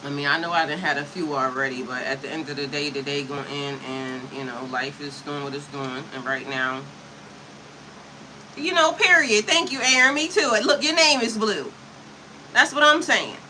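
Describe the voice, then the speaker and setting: A woman's voice: low-pitched, animated, normal speed, background noise. A woman in her fifties, livestreaming to her chat in a sassy, profane way, with frequent laughter, talking into a computer mic. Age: 50s. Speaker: spiritual coach livestreaming to chat.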